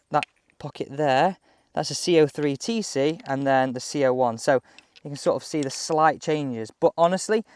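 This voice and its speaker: A man chatting excitedly as he reviews golf clubs outdoors on a course. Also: a little high, clean tone, no echo. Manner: chatty, excitable, thinking aloud. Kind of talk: casual on-course commentary.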